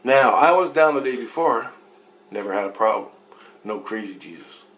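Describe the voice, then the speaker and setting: Brief: male vlogger, mid-pitched, rambling, swearing and restarting as he talks. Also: animated, normal speed, a bit bright, poor audio. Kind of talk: rambling first-person storytelling.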